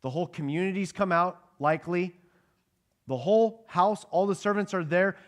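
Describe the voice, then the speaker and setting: A man's voice: high-pitched, moderate pace. A man preaching a sermon to a congregation in a conversational way, asking them questions and acting out the lines of the people in the passage. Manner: acts out the characters' quoted lines. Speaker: pastor teaching a Bible passage.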